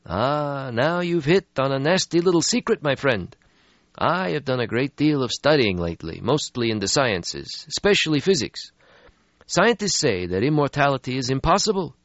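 A gloomy ancient vampire, as a man reading a storybook puts him on, drawing out each word in a raised, slow voice. He sounds bone-tired and heavy with regret. The dry, slightly dull recording keeps him close. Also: mid-range voice, sing-song, fairly bright tone, dry recording, voice pushed up. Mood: bitter. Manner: slow, mournful, world-weary. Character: weary ancient melancholy male vampire. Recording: slightly muffled lo-fi audio.

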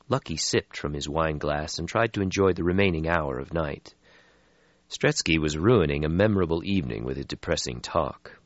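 A man narrating a story as an audiobook reader, in a measured, expressive way. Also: rumbling low, dry recording. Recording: slightly muffled lo-fi audio.

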